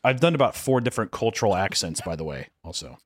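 A man's voice: lowish voice, sing-song, quick pace, no room sound. Joking young man, dry close mic. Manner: joking, sarcastic, repeats words. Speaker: podcast co-host. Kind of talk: casual banter. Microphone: remote call mic.

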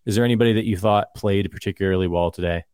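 A man's voice: low-pitched, racing, a little mellow, smooth, dry recording, studio quality. A man hosting a casual sports podcast, talking in a rambling, conversational way and arguing his points. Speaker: podcast host.

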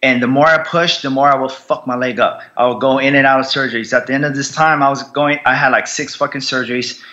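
A man's voice: medium pitch, fairly even intonation, fast, pushed and bright, dull audio. A man who served in war, telling his recovery story bluntly, swearing constantly and repeating himself for emphasis. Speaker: military veteran guest. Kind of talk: candid conversational storytelling.

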